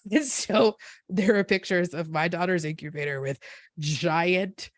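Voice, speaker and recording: A woman in her forties recounts her experience as a podcast guest. Her voice sits low, and the recording is dry and close. She speaks earnestly and thoughtfully, often pausing and restarting mid-sentence. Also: no echo. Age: 40s. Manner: earnest, reflective, halting with many restarts. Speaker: guest, NICU parent. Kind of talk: personal storytelling in a podcast interview.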